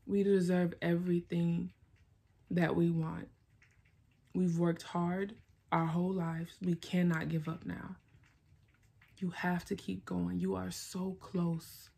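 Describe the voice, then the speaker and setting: In a lowish, husky, dark-toned voice with vocal fry, a woman vlogger talks herself up bluntly and emphatically. She speaks slowly and levelly with long pauses, swearing and repeating lines to drive them home.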